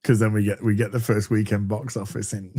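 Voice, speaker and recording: A man's voice: fairly low pitch, little pitch movement, a little fast, warm tone. A man hosting a casual podcast chat, rambling with restarts and chuckles. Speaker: podcast host.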